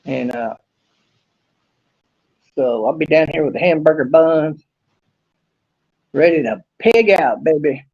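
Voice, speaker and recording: Man, gravelly voice, rambling folksy outdoor vlog, dull lo-fi audio. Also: fairly high pitch, a little mellow. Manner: rambling, folksy, drawn-out fillers. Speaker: vlogger. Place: outdoors behind a house.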